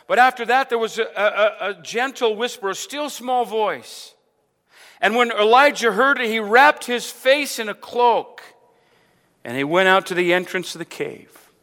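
Bright-voiced male preacher in a reverberant hall. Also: lively intonation, measured pace. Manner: repeats words, asks the crowd rhetorical questions; builds to loud emphatic stretches, then drops low. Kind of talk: sermon.

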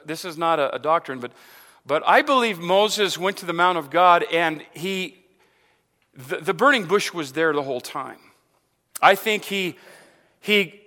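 A male preacher delivering a sermon, asking the congregation rhetorical questions, repeating words and building to loud emphatic passages. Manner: builds to loud emphatic stretches, then drops low. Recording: long hall reverb.

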